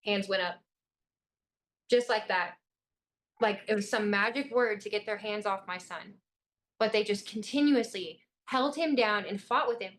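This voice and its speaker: A woman's voice: mid-range voice, unhurried, long pauses, a bit bright, slight background noise. A young woman from Illinois, a guest in an interview, giving an urgent, intense personal account.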